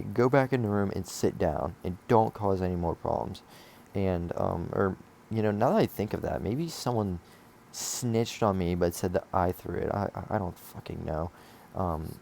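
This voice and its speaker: A man's voice: low voice, mellow, a little hiss or hum. A young man telling a casual storytime, rambling and swearing with lots of fillers and restarts. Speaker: vlogger telling a school story.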